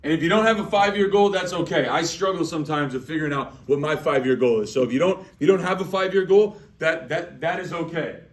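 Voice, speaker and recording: A man giving an energetic sales training talk to a group, repeating his phrases. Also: a little high, quick pace, hardly any pauses. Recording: echoey room, distant mic.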